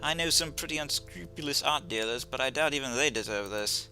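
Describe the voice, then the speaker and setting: A man's voice: mid-range voice, a little fast, bright, forceful tone. A man playing through a game, reading the lead's lines in a dry, wry, mildly pompous way. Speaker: gamer. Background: game music.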